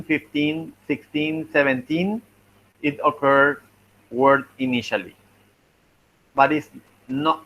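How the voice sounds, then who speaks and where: A man teaching a linguistics class, talking slowly and thinking aloud as he works through examples. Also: mid-range voice, pushed and bright, muffled recording, a little hiss or hum. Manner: slow, thinking aloud while writing, frequent "okay" and "let me see". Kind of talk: online class lecture.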